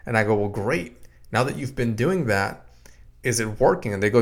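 A man's voice: on the low side, a little fast, vocal fry. A man in his thirties or forties hosting a casual solo podcast from a home studio, talking through advice in a conversational way, often repeating words and acting out quoted exchanges. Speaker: podcast host and practice consultant. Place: home podcast room in a basement.

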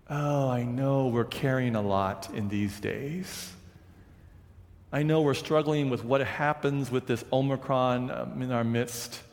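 A man preaching a sermon in a conversational, animated way, slowing down for quoted scripture. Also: mid-range voice. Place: large church sanctuary. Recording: long reverb of a big hall.

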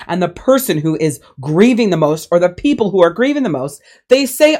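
A woman's voice: on the low side, lively intonation, normal speed, few pauses. A woman hosting her own podcast as a life coach, talking bluntly and emphatically and swearing freely in a candid solo monologue.

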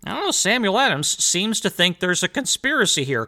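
Fiery, animated man lecturing listeners. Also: sits high, moderate pace, hardly any pauses. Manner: emphatic and rhetorical, addressing listeners directly; sarcastic asides. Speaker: host. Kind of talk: history commentary monologue.

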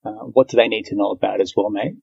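A man's voice: lowish voice, steady tone, fast talker, creaky, dark tone, breathy edge. Aussie guy hosting a podcast, chatty and matey, lots of uh's, kinda muffled lo-fi sound. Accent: Australian. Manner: friendly, matey, frequent "uh" fillers. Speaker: podcast host. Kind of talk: casual interview chat.

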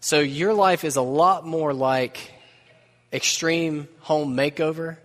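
A man preaching a sermon in a relaxed, conversational way, mixing humor and asides into the message. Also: fairly high pitch, slow. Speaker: pastor. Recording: long reverb of a large hall.

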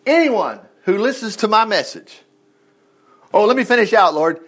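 A man preaching a Bible-teaching sermon in an animated, rambling way, with chatty asides and frequent exclamations of praise. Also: high-pitched, moderate pace. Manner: animated, rambling, chatty asides while flipping through scripture.

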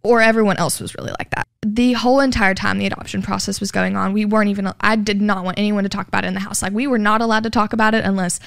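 Earnest woman, gravelly smooth voice. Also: mid-range voice, flat delivery, rapid-fire, hardly any pauses, a bit bright, no room sound, studio quality. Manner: earnest, heavy use of "like", acts out quoted dialogue. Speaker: interviewee sharing her story. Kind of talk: personal testimony.

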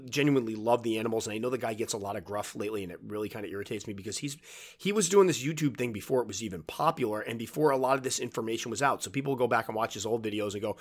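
A man who keeps tarantulas, talking casually to his viewers and giving advice in a relaxed, rambling way, with restarts and asides. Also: fairly low pitch. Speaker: tarantula keeper and video host. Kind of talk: casual advice talk to camera.

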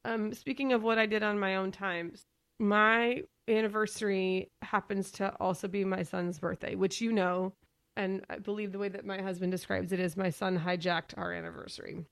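A woman's voice: mid-range voice, fairly even intonation, normal speed, dry recording, studio quality. A woman in her thirties co-hosting a podcast in casual chat, who laughs often and trails off and restarts her sentences. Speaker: podcast co-host.

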